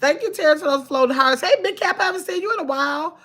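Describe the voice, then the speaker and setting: Woman livestream host, fairly high voice, loose conversational chat reading viewer comments. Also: fast, bright, forceful tone. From Wisconsin, US. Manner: chatty, greets viewers by name, colloquial.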